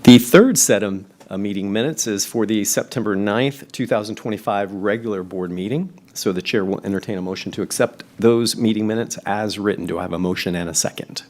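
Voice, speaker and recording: A man chairing a school board meeting, running through motions and votes in a steady, procedural way with occasional fillers. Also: lowish voice, brisk, few pauses. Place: public meeting chamber.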